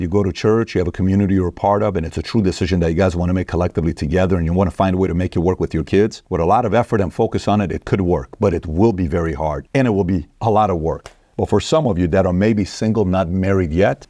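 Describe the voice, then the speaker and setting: A man's voice: deep voice, mellow, breathy edge, no echo, clean studio sound. Emphatic preachy male commentator. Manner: emphatic, preachy, quick asides. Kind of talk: motivational podcast talk.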